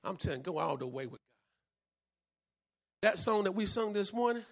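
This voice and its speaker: A high, lively male voice, preaching with fervor. His tone is bright and husky, rising from calm teaching to shouting. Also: brisk. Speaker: pastor. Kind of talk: sermon.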